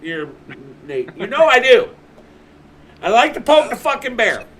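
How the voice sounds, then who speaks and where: A man's voice: very high-pitched, sing-song, unhurried, a bit bright. A man streaming from home, telling a story in casual chat, swearing constantly and ranting with animation.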